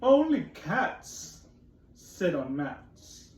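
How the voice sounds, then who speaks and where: A man reading the lines of a bossy cat from a picture book, slowly and deliberately. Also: fairly high pitch, sing-song, a little mellow. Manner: slow, deliberate read-aloud. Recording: roomy, distant, faint noise.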